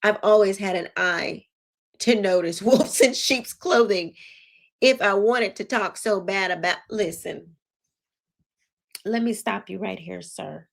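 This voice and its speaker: A woman's voice: mid-range voice, measured pace, vocal fry. A woman hosting her own commentary show, reading text messages aloud with sarcastic, incredulous asides. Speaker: show host.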